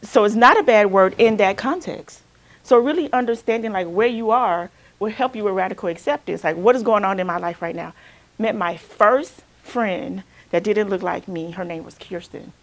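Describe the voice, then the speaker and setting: A woman's voice: medium pitch, normal speed. A woman from Alabama, a counselor leading a group workshop in a casual way and checking in with "right?" again and again. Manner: conversational, keeps asking "right?". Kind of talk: workshop talk with group sharing.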